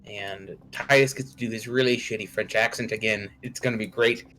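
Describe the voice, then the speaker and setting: A man's voice: on the low side, steady tone, brisk, sharp tone, rough recording. An American man running a tabletop game as game master, talking casually with lots of fillers and laughter. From United States. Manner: rambling, laughs often, many fillers.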